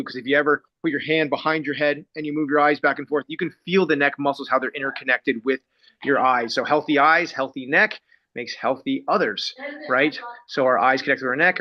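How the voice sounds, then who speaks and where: A man from a health clinic, explaining a neck exercise device in an informal, casual networking pitch. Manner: explanatory, informal, talks through how a device works. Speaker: health and performance clinic practitioner. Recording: dull lo-fi online meeting audio.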